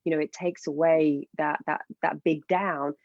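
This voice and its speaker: Passionate woman coach, mellow voice. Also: low voice, fairly even intonation, a little slow, creaky, dry recording, dull audio. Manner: passionate, enthusiastic explaining. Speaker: fertility coach guest. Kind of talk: podcast interview.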